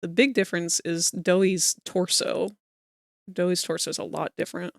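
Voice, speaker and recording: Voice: mid-range voice, little pitch movement, normal speed, vocal fry, no room sound. A streamer chatting casually on a live stream while drawing, laughing often and rambling. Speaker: streamer drawing furry art.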